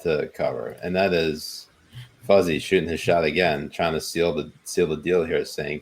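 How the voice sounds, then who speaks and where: A man's voice: very deep voice, steady tone, normal speed. A man co-hosting a podcast, chatting casually and laid-back with plenty of ums. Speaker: podcast co-host. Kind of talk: casual chat.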